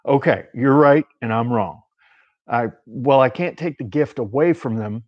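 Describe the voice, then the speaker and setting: Ancient warlock, calm and measured, deep and clear; a man reads him. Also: no echo, lo-fi sound, natural voice. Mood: folksy. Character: ancient male warlock posing as a folksy handyman. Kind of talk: audiobook reading.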